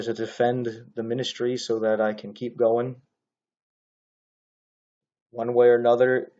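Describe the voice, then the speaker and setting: Into his own camera, a man comments on another preacher's video in a casual, rambling monologue full of fillers and restarts. His mid-range voice has a warm tone, and the highs are cut off.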